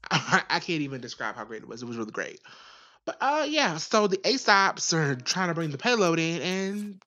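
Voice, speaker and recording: A woman's voice: lowish voice, big pitch swings, moderate pace, bright, forceful tone. A young woman casually reviewing an episode, chatty and profane, with many fillers and repeats. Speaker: video reviewer. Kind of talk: casual recap and commentary.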